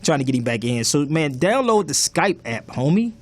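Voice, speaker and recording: A man's voice: on the high side, sing-song, normal speed, a little hiss or hum. Laid-back male talk show host. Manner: laid-back, friendly, slangy. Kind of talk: casual show sign-off.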